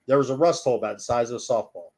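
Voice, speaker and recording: A man's voice: medium pitch, very fast, a little mellow. A man telling long stories as a guest in a casual chat, rambling and acting out the people in them.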